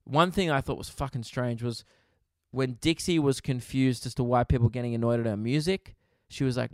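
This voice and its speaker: A man's voice: mid-range voice, fairly quick, darkish tone, no room sound. A young man hosting a casual solo podcast, rambling and sarcastic, swearing freely into a close mic. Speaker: podcast host.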